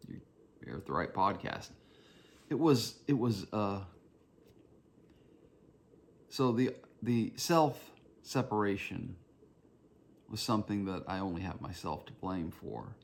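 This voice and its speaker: A man's voice: lowish voice, lively intonation, takes it slowly, vocal fry, long pauses. A man with a Southern Georgia accent, hosting his own podcast in a reflective, rambling solo monologue. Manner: reflective, meandering, personal storytelling. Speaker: podcast host.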